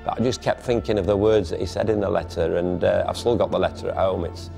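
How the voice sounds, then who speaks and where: A middle-aged man on an expedition, exhausted and weak, speaking slowly and haltingly in a documentary confessional. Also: low voice, flat delivery, creaky, mellow, soft background music. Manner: slow, heavy and halting. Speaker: expedition trekker.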